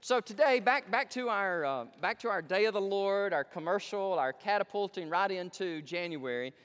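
A male pastor preaching a sermon in a large church sanctuary, emphatic, swinging from hushed pleading to loud excitement. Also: high voice, normal speed, clean tone, long reverb tail.

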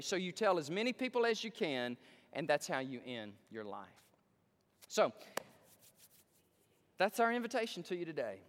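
A male pastor preaching a sermon in a large church sanctuary, emphatic, swinging from hushed pleading to loud excitement. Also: high-pitched, big-room sound.

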